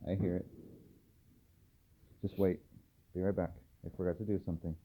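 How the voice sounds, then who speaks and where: A low-pitched man speaks softly and soothingly to his dogs. He is a dog trainer filming a casual vlog at home at night. The sound is thin and phone-like, with a faint hiss underneath. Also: little pitch movement, moderate pace. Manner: soft, soothing murmurs to the dogs.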